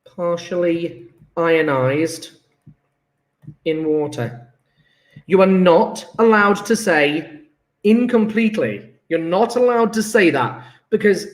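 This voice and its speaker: A chatty man teaching chemistry, his voice sitting a little high for a man. He thinks aloud and gets enthusiastic as he works through homework answers. The sound bounces around an echoey room. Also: a bit bright. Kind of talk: recorded homework review lesson. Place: classroom.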